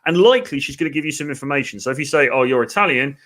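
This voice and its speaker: A man's voice: a little high, lively intonation, very fast, a bit bright. An English man giving dating advice in a casual, chatty live stream, with lots of fillers. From England. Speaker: dating coach. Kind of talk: live-stream coaching talk.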